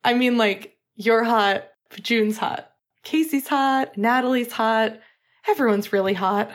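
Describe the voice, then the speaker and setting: Flustered young guy from a storybook, put on by a woman reader, pitched a touch high. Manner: flustered, quick, swearing. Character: flustered young man, confused and impulsive.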